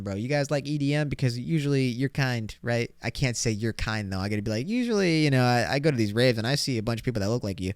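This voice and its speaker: Slangy, profane young man, smooth and dry. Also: medium pitch, no room sound. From California. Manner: slangy, profane, animated storytelling. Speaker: podcast host. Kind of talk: casual solo podcast monologue.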